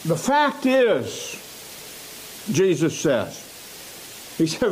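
A man preaching a sermon in a church, slow and emphatic, repeating phrases for stress. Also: high voice, wildly swooping pitch, a little mellow, a little hiss or hum, rough recording.

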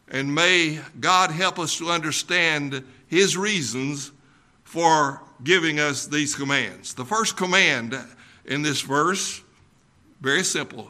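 An older pastor delivering a sermon at a very unhurried pace. His voice is fairly high for a man and strikingly bright and sharp. He talks in a folksy way, pausing on ums and uhs.

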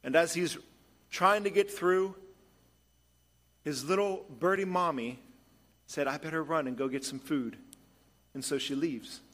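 Man preaching a sermon, slightly high voice. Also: measured pace, pauses often. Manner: storytelling with shifts between hushed and emphatic delivery. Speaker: pastor.

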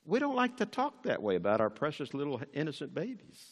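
A man's voice: a little high, wildly swooping pitch, a little fast, long reverb tail. An older man preaching a sermon as pastor, emphatic and rising on key words.

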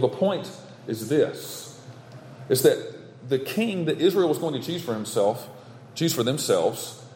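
A man's voice: mid-range voice, darkish tone, a little hiss or hum. Emphatic male preacher in an echoey hall. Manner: emphatic, repetitive preaching cadence. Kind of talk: sermon. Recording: echoey hall with long reverb.

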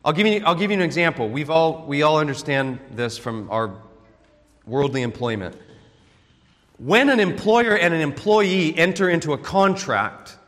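A man's voice: a little high, lively intonation, moderate pace, a bit bright. A man preaching an expository sermon in an earnest teaching tone, often checking in with rhetorical questions. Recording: long hall reverb.

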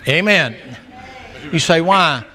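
Man, middle-aged pastor, blunt folksy sermon, higher voice, church. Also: lively intonation, takes it slowly, heavy background noise. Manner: folksy, blunt, storytelling preacher.

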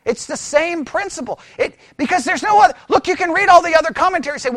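Man, very high voice, lively pitch, dry close sound, conversational Bible teaching, rhetorical questions. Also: fairly quick, hardly any pauses, dry recording. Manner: animated, asks many rhetorical questions. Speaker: pastor teaching.

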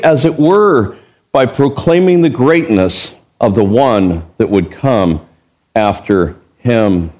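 A male pastor working through a passage of scripture in a sermon. He keeps an ordinary middle-pitched voice, leans hard on key words and throws rhetorical questions at the listeners. He acts out the quoted lines. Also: slow pace, a little mellow. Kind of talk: expository Bible sermon.

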